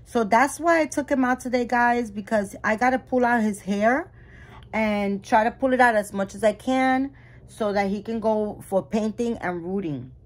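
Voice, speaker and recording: A woman's voice: on the high side, normal speed. Chatty woman doll-collecting vlogger. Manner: chatty, animated retelling with frequent restarts. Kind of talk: casual vlog storytelling.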